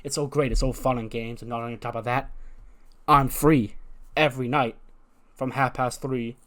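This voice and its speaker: A man's voice: mid-range voice, fairly even intonation, moderate pace, fairly bright tone, close to an everyday voice. A man voicing a cocky young male student who brags in a chatty way. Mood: boastful. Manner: boastful, chatty.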